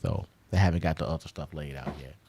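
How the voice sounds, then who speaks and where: A man's voice: very deep voice, fast talker, creaky, mellow, a little hiss or hum. A man hosting a casual wrestling podcast, laid-back and steering the talk with loose fillers. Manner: laid-back, wraps up topics, frequent fillers. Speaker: podcast host. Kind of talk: casual chat.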